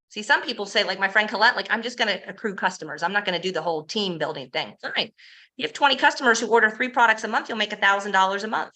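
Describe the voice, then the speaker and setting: A woman giving an energetic sales presentation, telling success stories, asking the audience rhetorical questions and acting out quoted dialogue. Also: mid-range voice, rough recording. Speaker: presenter pitching a home business.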